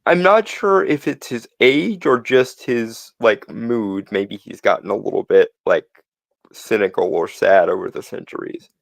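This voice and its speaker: A man's voice: on the low side, measured pace, gravelly, no room sound. A man co-hosting a podcast in casual chat, with a sardonic, mock-threatening manner. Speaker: podcast co-host.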